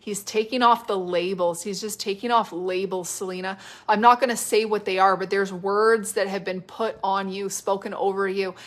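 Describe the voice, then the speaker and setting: Gentle woman giving halting prophetic words. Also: mid-range voice, steady tone. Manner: gentle, halting, full of "like" and "you know", repeats phrases. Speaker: prophetic minister. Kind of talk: spontaneous prophetic ministry on a live stream. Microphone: live-stream device mic.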